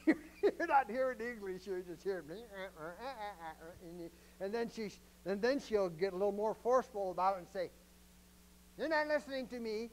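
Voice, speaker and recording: A man's voice: sits high, normal speed, rough recording. A man preaching a sermon as a pastor, in a conversational, joking way and often asking the congregation questions.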